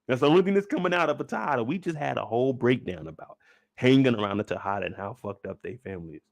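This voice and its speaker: A man's voice: mid-range voice, expressive, quick pace, vocal fry, no echo. A man hosting a channel, giving joking, profane reaction commentary on a TV drama. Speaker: channel host.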